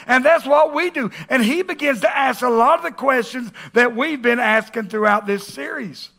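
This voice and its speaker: Male pastor, lively joking sermon delivery with shouted peaks, gravelly high voice. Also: normal speed, hardly any pauses. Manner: animated and joking, bursts into shouts.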